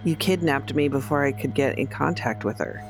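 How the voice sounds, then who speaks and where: A tabletop game player speaking in character, arguing back with defiance. The voice sits at a middle pitch for its type. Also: normal speed, soft background music. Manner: defiant, argumentative. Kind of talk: in-character tabletop role-play.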